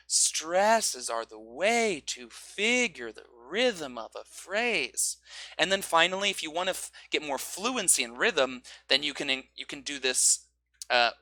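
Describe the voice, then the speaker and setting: A man teaching English pronunciation, explaining stress and rhythm and drawing out example phrases slowly. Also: fairly high pitch, sharp tone, no room sound.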